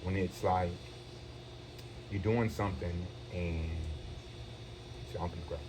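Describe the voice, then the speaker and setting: A man's voice: low-pitched, steady tone, measured pace. A man hosting a casual one-on-one conversation, talking in an earnest, reassuring, loose way with some swearing. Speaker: host. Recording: noisy background hiss.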